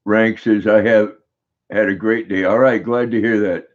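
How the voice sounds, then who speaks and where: Older man, low voice, lo-fi stream. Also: steady tone, unhurried. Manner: easygoing, greets each viewer by name. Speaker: livestream host. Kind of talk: casual livestream chat, reading viewer comments aloud.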